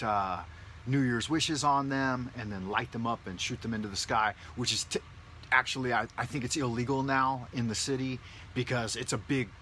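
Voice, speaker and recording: A man vlogs from his home and talks in a loose, rambling, joking way, swearing casually as he goes. His voice is bright and forward, with a mid-range pitch. A faint background noise sits under his voice. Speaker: vlogger. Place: his home in a big city.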